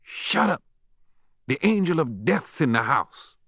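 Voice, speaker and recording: A male narrator voicing a stern, sharp-tongued elderly grandmother who scolds curtly. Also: a little high, big pitch swings, slow pace, breathy edge, no echo, voice pushed up, exaggerated voice. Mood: scolding. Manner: scolding, curt.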